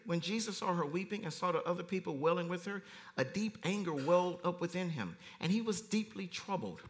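A man preaching a conversational sermon, reading verses and commenting with animated swings from quiet asides to loud emphasis. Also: high-pitched.

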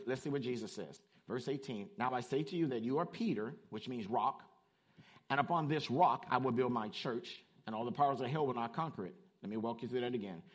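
Husky, animated man preaching a sermon. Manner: animated, swings from shouting to low asides.

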